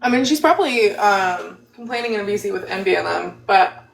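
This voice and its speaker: A woman hosting a casual live stream on her phone, chatty and quick to laugh. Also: mid-range voice, expressive, vocal fry. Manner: chatty, laughs often, talks while eating. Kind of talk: casual chat. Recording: roomy echo.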